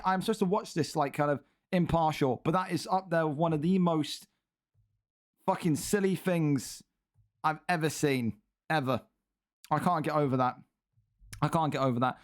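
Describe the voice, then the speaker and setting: A young man commentating video game fights, blunt and exasperated, ranting and swearing at a fighter's choices. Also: fairly high pitch. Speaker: commentator and league host. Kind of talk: excitable esports fight commentary.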